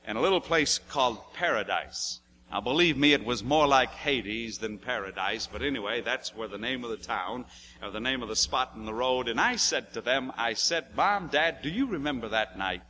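A man preaching a sermon, moving between hushed, low passages and loud, emphatic ones as he tells a story from his youth. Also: lively intonation, normal speed, a little hiss or hum. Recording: echoey hall with long reverb.

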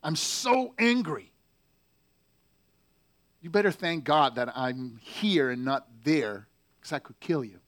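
A man reading aloud the letters of a Marine stationed overseas, slow and heavy with pauses. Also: on the high side, expressive, fairly bright tone. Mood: bitter, furious. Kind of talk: letter read aloud in character.

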